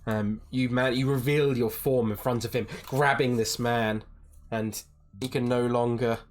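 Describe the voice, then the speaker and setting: A man acting as dungeon master, narrating the scene and calling for rolls in a relaxed way. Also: mid-range voice, unhurried. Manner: relaxed, explains rules and asks for checks. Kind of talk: narrating a tabletop game.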